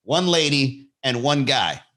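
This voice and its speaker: A man hosting a comedy podcast, telling a story in a loose monologue and jumping into high voices for the people in it. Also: unhurried. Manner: animated, jumps into high-pitched impressions of people in his stories.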